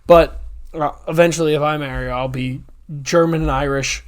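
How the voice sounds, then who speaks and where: A man's voice: fairly high pitch, steady tone, a little fast. A young man hosting a casual podcast, rambling and correcting himself as he talks. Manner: rambling, self-correcting, upbeat. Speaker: podcast host. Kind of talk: casual chat.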